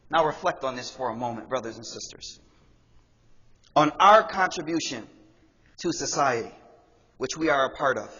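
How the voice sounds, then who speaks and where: A man preaching with a fairly high voice, swinging from booming emphasis to hushed reflection as he acts out quoted speech. His words ring with a long reverb through a large hall, and the recording sounds muffled and dull. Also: expressive, normal speed. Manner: passionate, acts out quoted voices, addresses brothers and sisters. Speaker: imam giving Friday sermon. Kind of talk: sermon.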